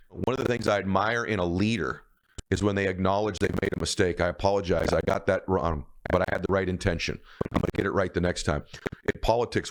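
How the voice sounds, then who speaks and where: A man in his fifties giving an earnest, emphatic motivational speech with personal stories. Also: deep voice. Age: 50s. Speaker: motivational speaker.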